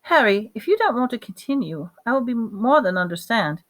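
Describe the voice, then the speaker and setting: A woman reading aloud, voicing a kind, weary male wizard teacher in a gentle, measured way. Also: on the high side, big pitch swings, pitched above the performer's own voice. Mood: concerned.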